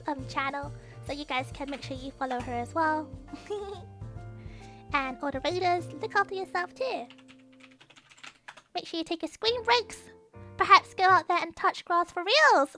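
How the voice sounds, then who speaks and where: Very high, bright-voiced British woman. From United Kingdom. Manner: bubbly, chatty and quick-talking. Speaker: VTuber streamer. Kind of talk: casual chat.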